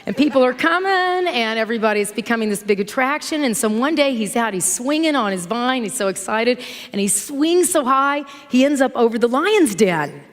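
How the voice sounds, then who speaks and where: A woman's voice: fairly high pitch, normal speed. Woman minister preaching in a reverberant church. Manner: conversational, animated storyteller. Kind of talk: sermon with storytelling. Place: church sanctuary. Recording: long hall reverb from church.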